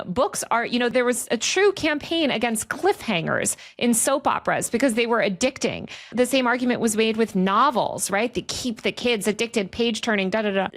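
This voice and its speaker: A woman hosting a podcast, talking through politics in a quick, sardonic way and brushing points off with filler phrases. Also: fairly high pitch. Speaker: podcast host. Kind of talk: casual political discussion.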